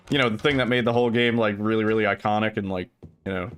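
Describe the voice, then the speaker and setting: Low-voiced guy chatting while he games, laid-back, swears a lot, faint music behind. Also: fairly even intonation, fairly quick, a bit bright. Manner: laid-back, swears freely, lots of "like" fillers. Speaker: streamer. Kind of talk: casual chat while gaming.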